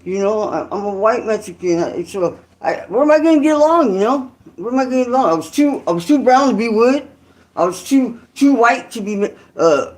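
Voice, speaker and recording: A man from California telling a rambling story in casual, profane street slang. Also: high voice.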